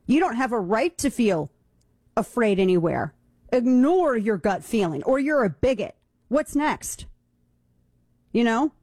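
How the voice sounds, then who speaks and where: A woman hosts a talk radio show in a blunt, sarcastic, indignant monologue. Her voice sits a little high, with a dark, mellow tone. The studio sound is close and dry. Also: animated, a little slow, long pauses, husky, no echo.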